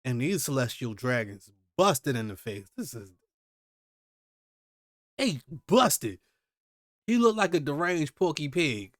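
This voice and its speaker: A man hosting a live manga reaction, reading the pages aloud and reacting with loud, slangy exclamations. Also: a little high, slow, long pauses, no echo, studio quality. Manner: animated, exclaiming, slangy commentary.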